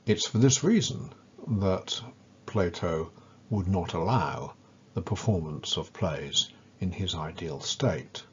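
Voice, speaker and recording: A man giving a measured, scripted lecture and leaning on key words as he explains ideas. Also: low voice, lively intonation, highs cut off, slight background noise.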